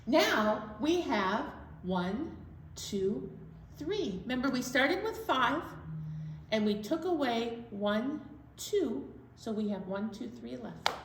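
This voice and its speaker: High, lively woman reading a storytime tale. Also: a little hiss or hum. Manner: sing-song, drawn-out storytelling with playful asides. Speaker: children's storytime host. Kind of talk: reading a counting story to young children. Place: library room. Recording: echoey room.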